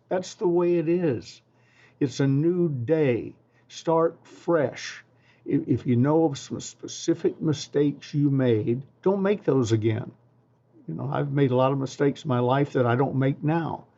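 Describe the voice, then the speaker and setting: An older man tells folksy stories and practical advice in a mellow, relaxed voice, pausing with ums and restarting his sentences. The recording sounds dull and slightly muffled. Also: mid-range voice. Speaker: interview guest, sales trainer. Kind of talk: storytelling advice.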